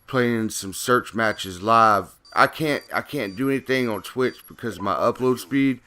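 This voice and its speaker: A man's voice: mid-range voice, measured pace, pushed and bright. A man, a gaming YouTuber, talking in a casual, profane, rambling rant over gameplay commentary.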